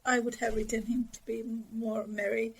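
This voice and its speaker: A woman co-hosting a book podcast, sharing animated, opinionated views. Her voice sits notably high. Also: moderate pace, gravelly, slightly rough, low-quality recording. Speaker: podcast co-host. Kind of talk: casual book discussion.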